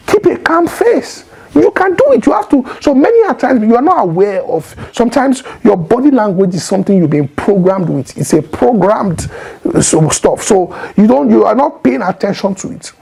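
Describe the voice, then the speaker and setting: Husky, gravelly man giving marriage advice. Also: high-pitched, darkish tone, rough recording. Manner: emphatic, repeats key points, demonstrates tones. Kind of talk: direct-to-camera advice talk.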